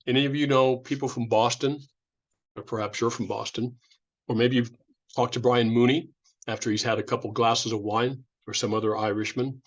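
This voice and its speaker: A man's voice: mid-range voice, fairly even intonation, moderate pace, muffled recording. A man from California giving an informal public lecture, talking in a conversational way with restarts and imitated sounds. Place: indoor lecture room.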